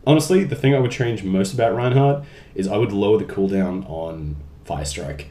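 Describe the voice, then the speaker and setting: A man's voice: fairly low pitch, normal speed, dark tone. A young man casually answering fan questions in a vlog, reading each one aloud and joking around. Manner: chatty, jokey, reads questions aloud. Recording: roomy echo.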